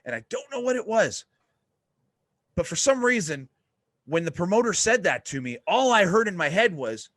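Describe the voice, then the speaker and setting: A man hosting a podcast, telling a story in a casual, excited way and swearing freely. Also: high voice, normal speed, no room sound, studio quality. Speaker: podcast host.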